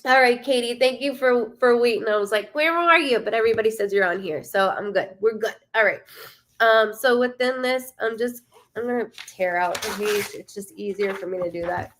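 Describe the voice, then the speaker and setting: A woman's voice: medium pitch, normal speed. A woman hosting a live stream as a psychic medium, chatting casually, greeting viewers by name and swearing freely.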